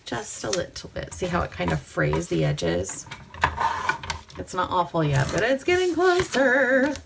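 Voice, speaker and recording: A woman's voice: lowish voice, measured pace, vocal fry, background noise. A woman hosting a crafting vlog, chatting to herself and her viewers as she works, sometimes dropping to a whisper. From Pacific Northwest. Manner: chatty, talks to herself while working, drops to soft whispers. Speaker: crafting channel host. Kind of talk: casual crafting vlog chat.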